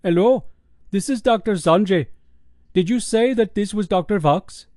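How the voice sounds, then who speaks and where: Brief: polite middle-aged doctor with an Indian accent, raised pitch and mellow tone, put on by a male narrator. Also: normal speed, no room sound, clean studio sound, lightly acted. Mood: formal concern. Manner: formal, courteous phone manner. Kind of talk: audiobook character voice.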